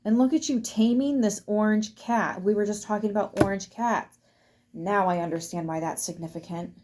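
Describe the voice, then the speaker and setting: A woman's voice: mid-range voice, normal speed, background noise. A woman giving a casual tarot reading to her viewers in a chatty way, laughing often and swearing freely. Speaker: tarot reader.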